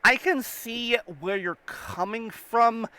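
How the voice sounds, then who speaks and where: A man's voice: very high voice, slow pace, bright, forceful tone, clear, resonant tone, low-quality recording. A man co-hosting a casual podcast chat, hesitant and repeating his words. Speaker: podcast co-host.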